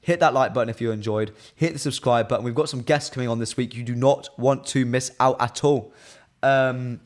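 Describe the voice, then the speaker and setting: A man's voice: mid-range voice, steady tone, brisk. A young man presenting a live football fan stream, chatting casually in an opinionated way and reading out viewer comments between frequent "um"s.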